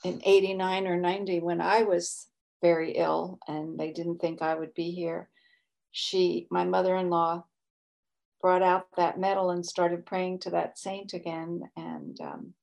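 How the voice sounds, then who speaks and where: A woman's voice: on the low side, level tone, measured pace, vocal fry, a little mellow. An older woman, a guest in casual chat, speaking hesitantly with many fillers.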